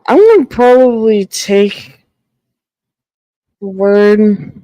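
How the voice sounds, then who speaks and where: A woman's voice: medium pitch, lively intonation, extremely slow, dark tone, dry recording, highs cut off. A woman giving casual commentary on a podcast, thinking aloud and swearing freely. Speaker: podcast reviewer.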